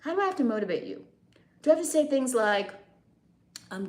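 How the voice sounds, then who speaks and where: A woman's voice: a little high, big pitch swings, brisk, pauses often. Chatty woman streamer, echoey room. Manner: teasing, chatty, drops into a soft breathy near-whisper. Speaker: livestream host. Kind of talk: casual live-stream chat with viewers.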